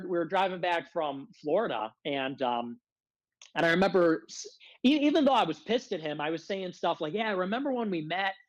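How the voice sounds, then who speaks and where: A man's voice: sits high, dry recording, low-quality recording. Rambling, aggrieved man on a dry mic. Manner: rambling aggrieved rant, heavy use of filler "like". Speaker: podcast guest. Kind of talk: casual podcast conversation.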